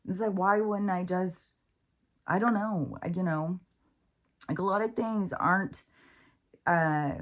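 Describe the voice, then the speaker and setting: A woman vlogging in a casual, rambling monologue about her spiritual life, candid and profane, with many fillers and restarts. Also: lowish voice.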